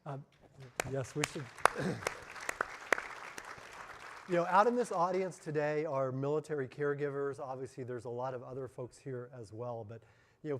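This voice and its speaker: Man moderating in a reverberant hall. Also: medium pitch. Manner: friendly, rambling questions with fillers. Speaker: panel moderator. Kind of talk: conference panel moderation. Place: convention stage.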